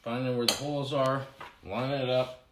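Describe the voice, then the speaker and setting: A young man hosts a joking do-it-yourself walkthrough, playing it mock-serious and deadpan. His voice sits in a middle range. The room is echoey, with a faint hiss behind him. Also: mid-range voice, normal speed. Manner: mock-serious, deadpan humor about a toy kitchen. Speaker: realtor hosting a home renovation video.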